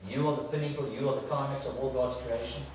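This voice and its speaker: A man's voice: medium pitch, steady tone, fast, darkish tone, a little hiss or hum. A man preaching an enthusiastic sermon in a church, repeating words for emphasis. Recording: echoey church hall from far off.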